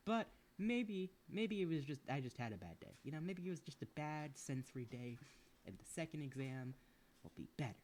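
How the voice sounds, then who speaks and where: Animated young streamer rambling casually. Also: medium pitch, slight background noise. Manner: rambling, swears freely, self-mocking. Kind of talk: casual chat while gaming. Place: at home.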